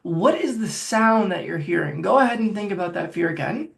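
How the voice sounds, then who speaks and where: A man's voice: high-pitched, expressive, a little fast, creaky. A man working as a phobia coach, talking the listener step by step through a guided self-help exercise. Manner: directive, coaching, talks viewer through steps.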